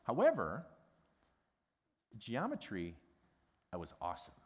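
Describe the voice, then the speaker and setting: A middle-aged man from the Midwest preaching a sermon in a conversational, animated way, asking the congregation questions. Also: medium pitch, measured pace, slightly rough. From American Midwest. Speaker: pastor. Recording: long hall reverb.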